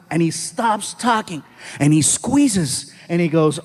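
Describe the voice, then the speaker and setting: A high-pitched man performing stand-up comedy. He tells his stories with animated energy and slips into quick voices for the people he quotes. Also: a little hiss or hum. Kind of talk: stand-up storytelling. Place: comedy stage before a live audience.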